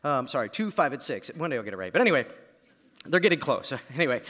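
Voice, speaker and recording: A man in his thirties preaching a sermon, dropping to quiet lines and then building to shouts. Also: on the high side, lively intonation, fast. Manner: dramatic, swings from quiet to shouting. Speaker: pastor. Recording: long reverb of a large hall.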